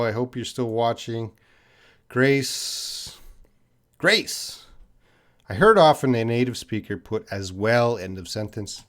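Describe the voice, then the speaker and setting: Canadian-accented male English teacher, unhurried live Q&A delivery, mid-range voice, patient and chatty. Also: mid-range voice. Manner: patient, chatty, explains slowly with repeated examples.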